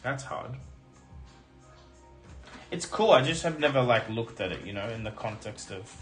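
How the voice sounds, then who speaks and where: A man with a mid-range, slightly hoarse voice chats loosely to his live-stream viewers. He rambles with fillers and perks up over each card he pulls. Clear background music plays under his talk the whole time. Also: mid-range voice, moderate pace. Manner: chatty, filler-heavy, excited about pulls. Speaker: streamer opening trading card packs. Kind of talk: casual live-stream chat.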